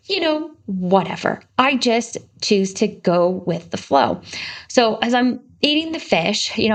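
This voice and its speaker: A young adult woman from Michigan hosting a podcast, telling a casual story in a reflective way, with many "you know" fillers. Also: mid-range voice. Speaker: podcast host.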